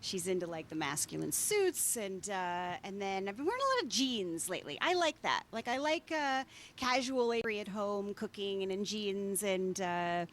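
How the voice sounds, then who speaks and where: A woman's voice: medium pitch, lively intonation, moderate pace, fairly bright tone, slight background noise. A woman actress answering interview questions, chatty and self-deprecating. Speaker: actress guest.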